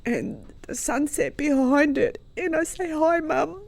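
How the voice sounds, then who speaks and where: A woman, a guest telling a personal story in an interview, lively, moving from hushed to loud. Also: sits high, unhurried, dry recording. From Croatia.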